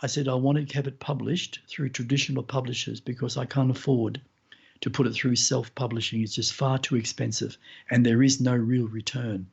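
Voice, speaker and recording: A man hosting a podcast, telling a first-person story in an unhurried, earnest way. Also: mid-range voice, fairly even intonation, gravelly, slightly rough, muffled recording. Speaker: podcast host.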